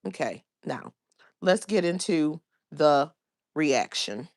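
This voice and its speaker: A woman hosts her own livestream, chatting casually with viewers in a blunt, profane, rambling way. Her voice sits low and has a darkish tone, expressive but slow.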